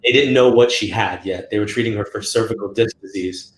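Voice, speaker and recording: A man's voice: fairly low pitch, brisk, a little hiss or hum. A man being interviewed as a guest, telling stories casually and acting out quotes in a raised voice. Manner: animated, acts out quotes in a raised voice. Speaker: guest psychic medium. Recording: roomy echo.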